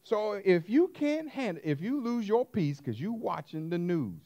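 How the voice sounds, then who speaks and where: Animated emphatic male preacher. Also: high voice, lo-fi sound. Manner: emphatic preacher, swings from hushed to loud, slows for stress. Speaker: pastor. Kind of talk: sermon.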